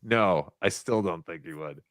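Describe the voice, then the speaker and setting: A man's voice: sits low, unhurried, fairly bright tone, no room sound, studio quality. A man hosting a casual livestream chat, loose and laughing, swearing freely. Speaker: livestream show host.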